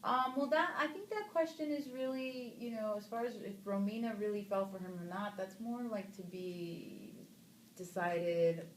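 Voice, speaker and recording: A woman in her thirties, an actress telling animated stories at a casual press interview, her voice jumping high in mock surprise. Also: normal speed. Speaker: actress interviewed about a film. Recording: echoey room with faint background noise.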